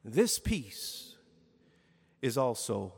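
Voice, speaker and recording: Brief: male pastor, lively pitch, unhurried, preaching in a church with long reverb. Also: vocal fry, husky. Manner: slow, emphatic preaching with dramatic pauses. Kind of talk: sermon. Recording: long reverb of a large hall.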